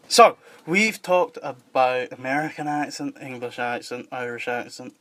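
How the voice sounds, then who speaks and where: Bright-voiced jokey male host. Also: mid-range voice, unhurried. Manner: jokey, laughs often, swears casually. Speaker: podcast host. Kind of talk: casual chat.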